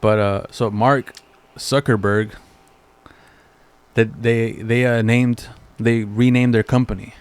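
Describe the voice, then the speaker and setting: A man co-hosting a podcast, talking in a relaxed, slangy casual chat full of fillers. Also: mid-range voice, slow pace, pauses often, clear, resonant tone. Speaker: podcast co-host.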